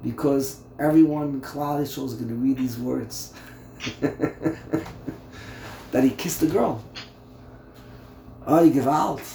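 A man's voice: mid-range voice, moderate pace, vocal fry, hardly any pauses, dark tone, reverberant, slight background noise. A man, a rabbi, teaching a Torah class in a conversational way, asking his listeners rhetorical questions and often repeating words.

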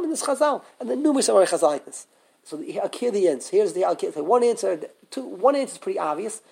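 In a high voice edged with breathiness and vocal fry, a man teaches Torah live to students. He stays animated, asks them question after question, and often begins his sentences again.

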